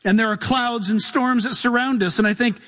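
A male pastor preaches with lively energy, his voice sitting notably high for a man. He slips into little acted voices and loud bursts. The sound rings with a long hall reverb. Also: fairly quick. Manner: animated preaching, acting out voices and shouts. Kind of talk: sermon.

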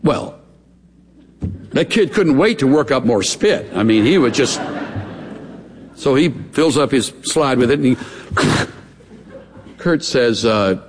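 A man's voice: medium pitch, lively intonation, slow pace, long pauses, big-room sound, slight background noise. A middle-aged male pastor preaching a sermon, telling stories in a playful, chuckling way. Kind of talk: sermon with humorous storytelling.

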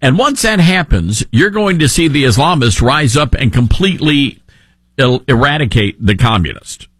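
A man's voice: mid-range voice, lively intonation, normal speed, fairly bright tone, husky, no room sound, studio quality. A man hosting a talk radio show, giving an opinionated monologue in an emphatic way with frequent restarts.

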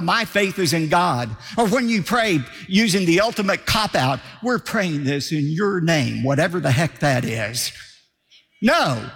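A man's voice: high voice, pushed and bright, in a large hall. A male pastor delivering a sermon in an emphatic, declamatory way, driving points home by repetition.

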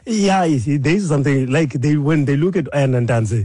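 A man's voice: fairly high pitch, fairly quick, mellow, slightly rough, dry recording. A man co-hosting a radio chat, explaining things wryly and teasing his partner. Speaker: radio co-host. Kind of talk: casual chat.

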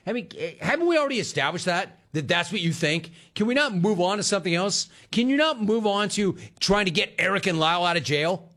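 A man's voice: high-pitched, expressive, brisk, few pauses, fairly bright tone. A man hosting a sports talk radio show, ranting and telling stories with sarcasm, mimicking callers and his own family.

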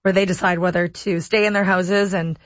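A woman's voice: fairly low pitch, steady tone, moderate pace, dry recording. Woman, radio host, casual wry chat, dry close mic, slightly muffled broadcast audio. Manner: chatty, wry, opinionated. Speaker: radio talk show host. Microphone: studio mic, dry.

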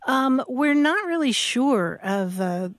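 A woman co-hosting a radio show, explaining word histories in a lively way with frequent laughter. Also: high-pitched, takes it slowly, no room sound, clean studio sound. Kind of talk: casual radio chat.

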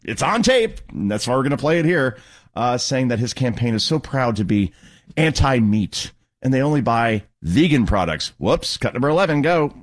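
A man hosting a talk radio show, delivering sarcastic, mocking political commentary. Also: normal speed. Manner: sarcastic, mocking, lively pitch swings.

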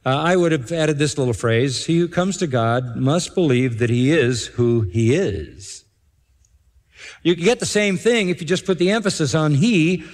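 A man preaching an expository sermon, emphatic, repeating key phrases and slowing down to stress them. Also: fairly high pitch, animated. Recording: long hall reverb.

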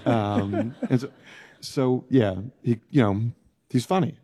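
A middle-aged man giving reflective interview answers, halting and searching for words as he goes. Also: mid-range voice, dark tone, no echo. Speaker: interview guest, former prisoner.

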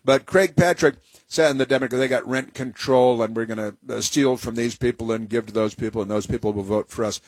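A man's voice: medium pitch, fairly quick, a little mellow, breathy edge, no echo. A male talk radio host speaking in a rambling, sarcastic monologue full of fillers and restarts.

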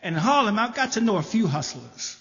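Animated New man telling a story on stage. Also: high voice, a little fast. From the Bronx, New York. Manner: animated, shouting in quotes, laughing through lines. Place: theater stage. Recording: live stage, long hall reverb, dull sound.

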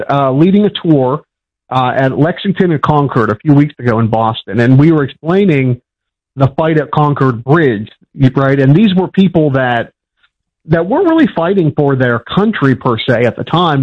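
A man from Pittsburgh, a historian answering interview questions in a plainspoken, explanatory way with frequent fillers. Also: medium pitch. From Pittsburgh, USA. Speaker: historian guest. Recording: dull lo-fi sound.

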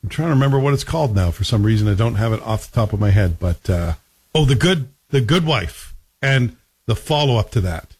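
A man's voice: fairly low pitch, expressive, brisk, darkish tone, slightly rough. A man talking casually about a TV series in a chatty, wry way, asking rhetorical questions. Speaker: TV reviewer. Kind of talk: casual spoken TV review.

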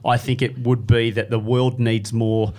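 A man's voice: medium pitch, measured pace. A man, a guest in a casual chat, telling stories with energy and acting out the people he quotes. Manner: animated storyteller, acts out quoted voices.

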